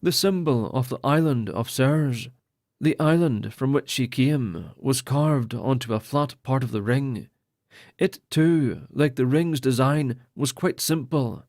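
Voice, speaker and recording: A man narrating a fantasy audiobook in a steady, even reading voice. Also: medium pitch, takes it slowly, no echo, clean studio sound.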